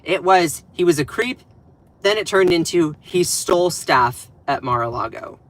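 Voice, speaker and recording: A man's voice: fairly high pitch, expressive, measured pace, a bit bright. Emphatic Southern man on a live stream. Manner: emphatic, repeats phrases for stress. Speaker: live streamer, political commentator. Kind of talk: casual live-stream commentary.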